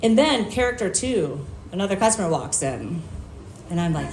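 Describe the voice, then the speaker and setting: A woman's voice: lowish voice, very animated, moderate pace, a crowd in the background. Brash profane woman doing stand-up. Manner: brash, profane, self-mocking storytelling. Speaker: stand-up comedian. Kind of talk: stand-up set. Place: distillery bar stage. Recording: echoey live room.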